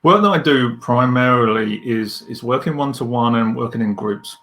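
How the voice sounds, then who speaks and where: A man, talking as a leadership coach in a podcast interview. He is candid and animated as he tells stories. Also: medium pitch, moderate pace.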